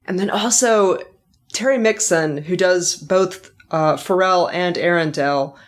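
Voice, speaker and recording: A woman's voice: lowish voice, measured pace. A middle-aged woman, an author hosting her own podcast, reflecting in a chatty way and laughing now and then. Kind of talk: casual author commentary.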